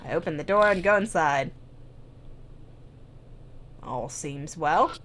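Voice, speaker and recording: A woman's voice: deep voice, slow, fairly bright tone, slight background noise. A young woman hosting a let's play, reading a visual novel aloud with wry, joking asides.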